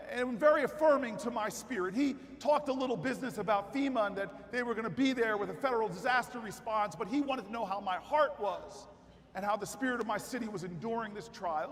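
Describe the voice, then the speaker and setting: High-voiced man giving a convention keynote. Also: a little fast. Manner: storytelling that builds to shouted rally calls. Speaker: keynote speaker. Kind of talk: political convention speech. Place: large convention hall. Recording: long hall reverb with faint crowd.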